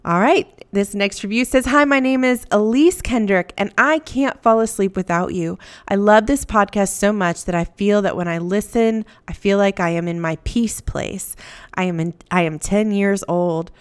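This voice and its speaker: A woman hosting a podcast, reading listener reviews aloud in a gentle, grateful, upbeat way. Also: mid-range voice, normal speed, clean tone. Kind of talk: warm scripted read-aloud of listener reviews.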